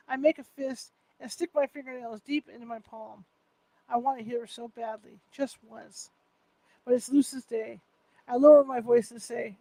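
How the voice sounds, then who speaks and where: A woman's voice: on the high side, steady tone, moderate pace, darkish tone, dry recording, poor audio. A woman reading a first-person novel aloud, unpolished, with restarts and self-corrections. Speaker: author reading her novel.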